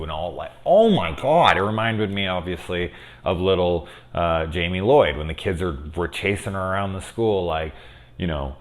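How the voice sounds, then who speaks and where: A man in his thirties talks through a horror film in a casual, unscripted review. His voice sits very low. He swears often and swings from soft, reflective asides to loud, worked-up outbursts. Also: expressive, moderate pace. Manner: candid and profane, swinging from quiet musing to loud exasperated outbursts.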